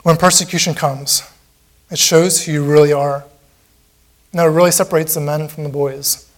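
A man's voice: on the high side, fairly even intonation, moderate pace. A man preaching a sermon in a church, impassioned and repetitive, acting out the mocking voices of a crowd.

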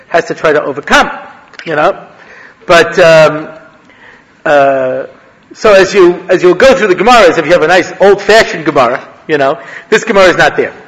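A male rabbi giving a humorous Torah lecture, an animated storyteller who laughs at his own jokes. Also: sits high. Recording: long reverb of a hall.

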